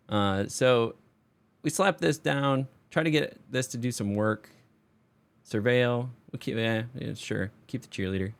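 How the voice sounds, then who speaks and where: A man streamer doing voice-over commentary on his card game play, self-mocking and exasperated, swearing freely. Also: medium pitch.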